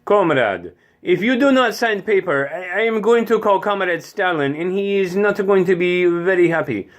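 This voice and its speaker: A man's voice: high-pitched, expressive, moderate pace, voice pushed up. A man doing a bossy Russian comrade. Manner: threatening, bossy.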